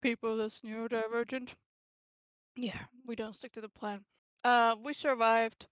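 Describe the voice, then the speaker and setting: A woman player bantering during a tabletop stream, teasing others, laughing easily, and swearing freely. Her voice sits a little high. It comes through a dull, lo-fi mic with a dry sound. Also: flat delivery, a little slow, clean tone, no room sound. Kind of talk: casual banter.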